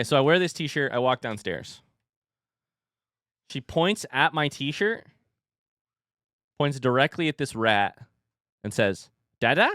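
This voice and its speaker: A man streaming from home, chatting casually and telling an animated story between laughs. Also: medium pitch, smooth, dry recording, studio quality. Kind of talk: casual chat. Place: home room with a standing desk.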